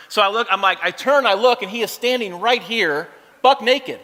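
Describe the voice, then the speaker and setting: Bright playful man in a reverberant hall. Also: high-pitched, very animated, a little fast. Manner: self-mocking, playful storyteller. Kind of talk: storytelling from the stage.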